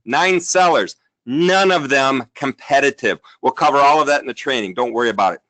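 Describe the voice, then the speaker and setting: His mid-range voice running a little fast, a man in his thirties hosts an upbeat, chatty live sales webinar. He talks to chat viewers as he demos software.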